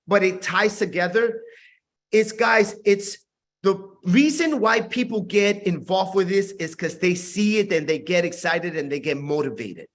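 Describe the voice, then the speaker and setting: Intense high-voiced man on a video call. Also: a bit bright. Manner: intense, repetitive, preachy. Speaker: network marketing team leader. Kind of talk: motivational talk on a video call.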